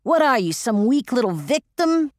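Lady doing a fierce foul-mouthed gal barking orders, pitched up loud, relentless. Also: big pitch swings, normal speed, no room sound, clean studio sound. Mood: furious shouting. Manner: shouting, profane, relentless. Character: fierce foul-mouthed woman radio guide.

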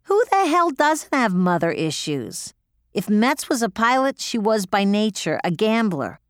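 A woman's voice: mid-range voice, sing-song, a little slow, no room sound, clean studio sound. A woman narrating in the first person as an audiobook reader, gritty, profane and emotional.

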